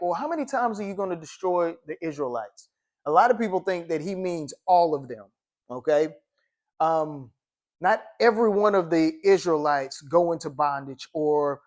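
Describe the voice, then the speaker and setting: A man's voice: fairly high pitch, a little mellow. A man leading an informal Bible study, reading verses and word definitions aloud and checking in with listeners after nearly every phrase. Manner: explains slowly with frequent "okay?" check-ins; reads scripture and dictionary definitions aloud.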